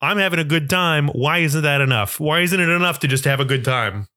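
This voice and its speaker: Young male comic with a bright tone, recorded dry and close, rambling and self-mocking. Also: fairly high pitch, fairly quick, no echo. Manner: rambling, self-deprecating, animated storytelling. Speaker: comedian. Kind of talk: comedic monologue.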